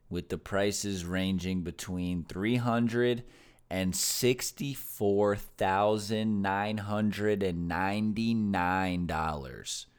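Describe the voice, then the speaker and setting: A man's voice: sits low, clean tone. A man hosting a podcast, reading news stories aloud and then riffing on them casually with slang and swearing. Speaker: podcast host.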